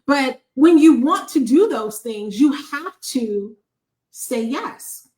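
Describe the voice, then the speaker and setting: A woman from Buffalo hosting a podcast, sharing a heartfelt testimony in an animated, emphatic way with a preacher-like cadence. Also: high voice, takes it slowly, rough recording. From Buffalo, New York, USA. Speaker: podcast host.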